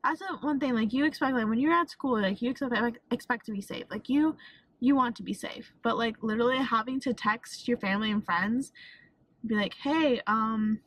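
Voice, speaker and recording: A woman's voice: a little high, fairly quick, fairly bright tone, no echo, rough recording. A young woman with a Texan accent talking through tears in a casual storytime vlog, swearing and saying "like" a lot. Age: young adult. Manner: emotional, swearing, fillers of "like". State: tearful, crying. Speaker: vlogger.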